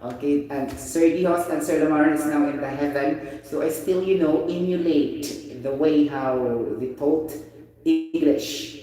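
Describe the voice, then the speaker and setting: A Filipino man with a Filipino accent teaching an English vocabulary lesson, animated and often asking "you get the point?". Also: a little high, measured pace, soft background music. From Philippines. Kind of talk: informal online vocabulary lesson. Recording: very echoey room, voice distant from the mic.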